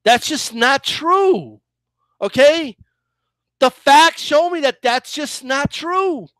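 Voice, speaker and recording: A man's voice: very high-pitched, expressive, slow pace, a bit bright, dry recording. A man with a combative, profane style, ranting heatedly as he reacts to a clip in boxing commentary.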